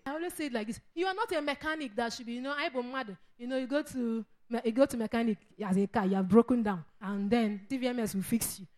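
A woman's voice: high-pitched, a little mellow. A woman preaching a sermon, emphatic, repeating phrases and acting out quoted voices.

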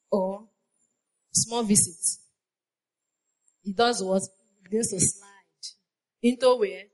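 A woman preaches a sermon in a fairly bright, high-leaning voice. She repeats her phrases and poses questions to the congregation in a call-and-response manner.

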